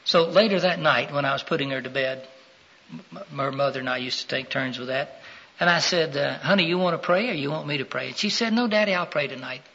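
A middle-aged man preaching a sermon, questioning his listeners and rising to loud, emphatic peaks. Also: fairly high pitch, fairly quick, husky. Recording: dull lo-fi sound.

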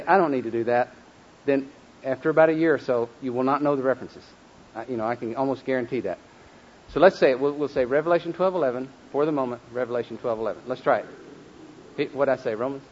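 A man of average pitch teaches a group to memorize scripture, drilling them in call-and-response and slowing to stress each word. He breaks in with folksy, self-deprecating asides. The recording is dull and lo-fi. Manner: leads call-and-response drills, slows and stresses words when reciting.

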